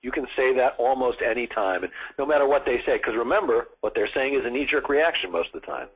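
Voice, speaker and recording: A man in his sixties, a sales trainer at a live seminar, lively and acting out firm phone calls as he teaches. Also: mid-range voice, quick pace, few pauses, husky, rough recording. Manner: energetic, acts out phone calls in firm and friendly tones.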